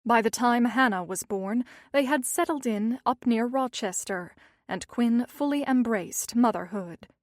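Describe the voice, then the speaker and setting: A woman narrating a thriller audiobook in an even, measured reading style. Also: fairly high pitch, no echo, clean studio sound.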